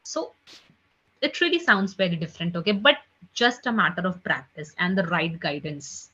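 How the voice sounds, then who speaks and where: A woman teaching an online French class, chatty with many "you know, like" fillers, drilling each sound slowly and repeating it. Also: on the low side, expressive, sharp tone, slightly rough. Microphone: computer mic on a video call. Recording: slightly dull lo-fi call audio.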